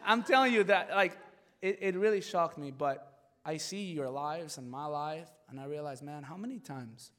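A man preaching in a high, bright voice, telling a story with excitable energy and lots of filler words. He swings from animated retelling to a hushed, earnest tone when he drives a point home. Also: normal speed, long reverb tail. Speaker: pastor. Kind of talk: storytelling sermon.

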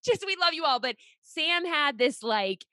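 Bright, enthusiastic young woman podcast host. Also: sits high, expressive, a little slow, dry recording, clean studio sound. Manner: enthusiastic, gushing, heavy use of "like". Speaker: podcast host and personal trainer. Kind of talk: casual podcast chat.

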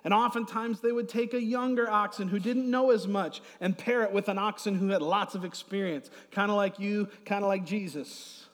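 A middle-aged man preaching a sermon as pastor, swinging from loud emphasis to soft asides. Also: high-pitched, normal speed, few pauses. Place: church hall. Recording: long hall reverb.

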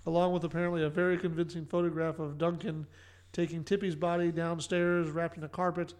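A man's voice: on the high side, flat delivery, fairly quick, darkish tone. A man co-hosting a casual podcast, recapping an episode with dry, joking asides. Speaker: podcast co-host.

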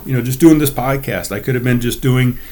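A man's voice: mid-range voice, brisk, warm tone. A middle-aged man hosting his own podcast from a desk, ranting in a fired-up, profane, motivational way. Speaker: podcast host. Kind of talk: casual solo podcast rant. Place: home desk.

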